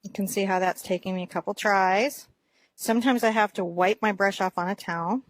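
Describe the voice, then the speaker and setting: A woman's voice: medium pitch, steady tone, fairly quick, no echo. Encouraging woman teaching a painting lesson. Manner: gentle, encouraging, talks while painting. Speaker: art teacher.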